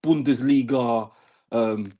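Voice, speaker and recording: A man calling in to a fan show, talking football in a level-headed, measured way. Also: medium pitch, mellow. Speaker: caller. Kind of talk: casual football chat.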